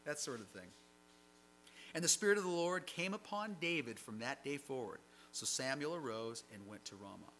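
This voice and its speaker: A man preaches a sermon, reading scripture aloud and then explaining it conversationally. His medium-pitched voice is animated, pushed and bright at a normal speed, and the poor-quality audio carries a little hiss or hum.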